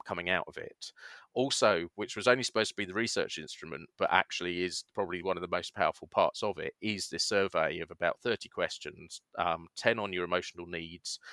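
Male guest, deep but bright and forceful tone, dry close sound, halting explainer. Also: no echo. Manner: hesitant, explanatory, many fillers. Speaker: guest, science education researcher. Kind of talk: conversational podcast interview.

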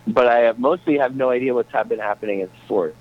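A man's voice: medium pitch, quick pace. A man calling into a casual sports talk show from a small airport, joking and rambling. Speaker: co-host calling in. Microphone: phone call. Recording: muffled phone line.

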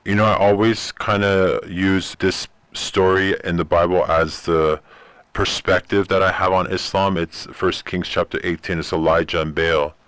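Man, native Persian speaker, interview guest, animated storyteller, lowish voice, dry sound. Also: moderate pace, smooth, no echo. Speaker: ministry guest.

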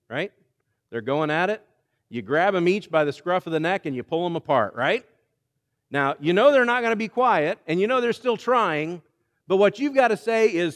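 A man delivers a sermon in a conversational style, often stumbling and restarting phrases as he goes. His voice sits a touch high. Long reverb from the hall trails after every line. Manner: conversational preaching with frequent restarts. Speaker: pastor.

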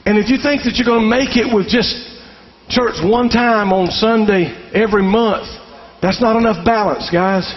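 A man's voice: sits high, moderate pace. A middle-aged man preaching a folksy sermon to fathers, calling for amens from the crowd. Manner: folksy Southern-style preaching with call-and-response. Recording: dull sound in a reverberant hall.

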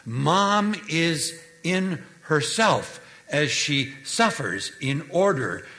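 A man preaching with a lively, swooping delivery and a bright, forceful tone. He tells his illustration at an unhurried pace, letting each beat land, and sinks low and soft for the gentle parts. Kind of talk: sermon storytelling.

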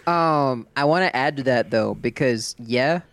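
A man talks slowly through an anecdote, pausing on fillers and swearing casually. His voice is mid-pitched. The sound is dry and close. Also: fairly bright tone, no echo. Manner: drawn-out, hesitant storytelling with swearing. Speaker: podcast co-host. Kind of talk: casual group chat.

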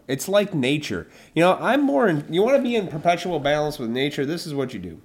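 Male podcast host, profane, mocking, pitch jumping all over, solo rant. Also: big pitch swings. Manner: profane, mocking, acts out imagined people in quick voices.

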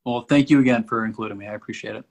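A man's voice: fairly low pitch, very fast, creaky, a little mellow. A man who is a podcast guest, answering briefly and graciously.

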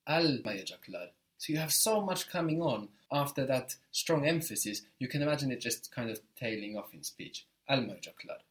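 Male teacher, patient, encouraging, step-by-step explanations, calm lesson delivery. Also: medium pitch, a little fast, few pauses. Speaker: language teacher. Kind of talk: guided spoken language lesson.

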